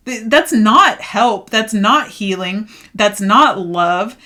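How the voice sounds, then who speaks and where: A woman's voice: medium pitch, lively intonation, slow, bright, forceful tone. Fired-up chatty woman reading tarot. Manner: chatty, fired-up, emphatic, many "like" fillers. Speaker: tarot reader. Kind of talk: casual tarot reading monologue.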